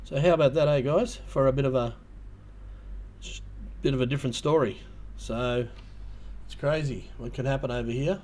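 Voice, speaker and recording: A man's voice: mid-range voice, moderate pace, a little mellow. A man with an Australian accent hosting a casual livestream, telling a rambling story full of ums and restarts. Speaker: livestream host.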